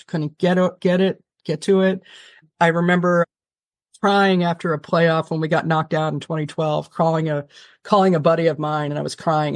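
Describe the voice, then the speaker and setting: A woman guest on an interview podcast, telling a long story in an animated, fast-talking way, often restarting her sentences. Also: sits low, dry recording, studio quality. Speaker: television producer, guest.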